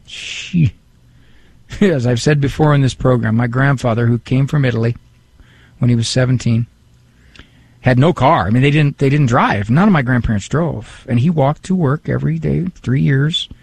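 A man with a husky, darkish mid-range voice and some vocal fry hosts a radio talk show from a studio at a moderate pace. He chats casually and reads listener emails aloud with self-deprecating humor.

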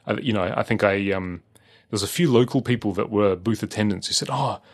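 An Australian man co-hosts a podcast in casual chat, his voice fairly low and his pace fairly quick. He rambles, leaning on plenty of fillers and restarts.

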